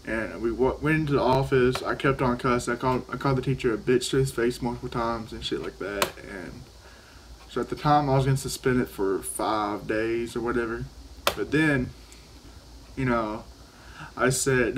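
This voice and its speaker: A man's voice: medium pitch, moderate pace, background noise. A teenage boy telling a story in a casual vlog, rambling and profane, often restarting his sentences. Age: teens. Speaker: vlogger. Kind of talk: casual storytelling while vaping.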